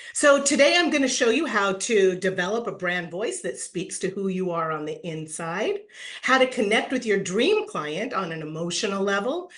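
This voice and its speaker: A middle-aged woman giving a playful, animated webinar talk on branding, acting out quoted voices and laughing often. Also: mid-range voice. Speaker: branding speaker at an online summit. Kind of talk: lively webinar presentation.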